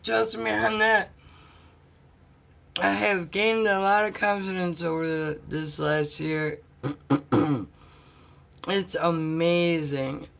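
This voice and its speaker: A woman vlogger chatting casually with her viewers and telling stories, often clearing her throat and laughing softly. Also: on the low side, fairly even intonation, takes it slowly, long pauses. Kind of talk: casual live chat.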